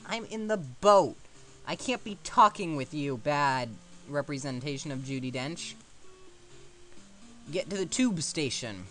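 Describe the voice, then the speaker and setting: A man's voice: on the high side, lively intonation, a little slow, long pauses, fairly bright tone. A man giving casual let's-play commentary, rambling and mocking himself as he plays. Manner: rambling, self-mocking asides.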